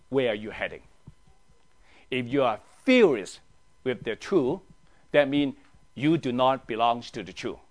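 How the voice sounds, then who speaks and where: In a medium-pitched voice, an animated pastor teaches his Bible study class, putting questions to the group. He goes hushed whenever he wants to stress a point.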